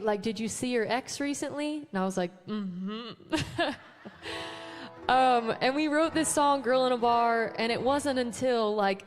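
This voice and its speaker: A woman's voice: medium pitch, big-room sound. A young woman singer-songwriter chatting casually between songs at a live show, laughing often and saying "um" and "like" a lot. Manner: casual, self-deprecating, laughs often, many "um" and "like". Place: church hall with a live audience.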